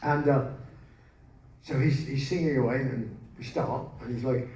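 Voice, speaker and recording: A man's voice: mid-range voice, steady tone, measured pace, a little mellow. A man telling self-mocking stories on stage as a spoken word performer, bursting into song. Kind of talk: live comic storytelling on stage. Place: large live venue. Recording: echoey hall, distant mic, background noise.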